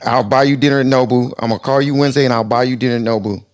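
A man's voice: medium pitch, steady tone, racing. A man moderating a live chat room, casual and streetwise, joking and calling people brother. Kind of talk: casual slangy banter.

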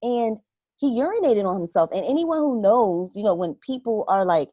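A woman in casual conversation, earnestly recounting what she saw and acting out her own reactions with animated asides. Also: mid-range voice, normal speed, no echo, dull audio. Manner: earnest and reflective.

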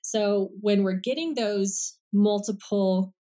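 A woman's voice: medium pitch, fairly even intonation, slow pace, dark tone. A woman speech-language pathologist explaining treatment methods on a podcast in a casual, step-by-step way, giving everyday examples.

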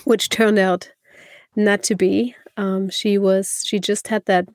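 A woman's voice: medium pitch, little pitch movement, slow pace, dry recording, studio quality. A woman co-hosting a podcast in a casual, chatty way, laughing easily and swearing freely. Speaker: podcast co-host.

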